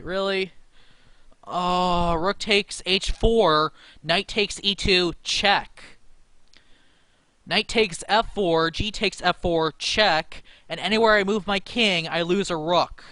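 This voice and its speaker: Young male chess streamer, slow nervous self-talk, bright dry close voice. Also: high-pitched, no echo. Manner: anxious, self-talking, laughs nervously. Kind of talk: live game commentary.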